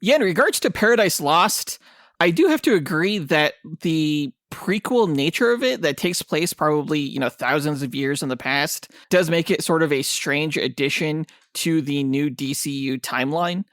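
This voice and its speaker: An eager man co-hosts a comic book podcast, chatting casually about upcoming projects in a voice pitched a bit higher than most men's. His intonation is lively, his speed normal, and his tone fairly bright. The recording is close and dry.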